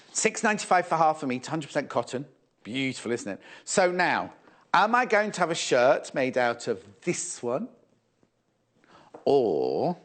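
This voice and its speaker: Middle-aged male TV sewing presenter, chatty and fussy, lively pitch, a touch higher than most men. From England. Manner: chatty, fussing aloud, reading out viewer messages. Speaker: shopping channel presenter. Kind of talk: live sewing shopping TV chat. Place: TV studio.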